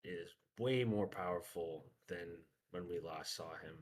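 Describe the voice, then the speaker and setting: A man's voice: sits low, measured pace, slight background noise. A man narrating as game master of a tabletop game, casual and full of fillers.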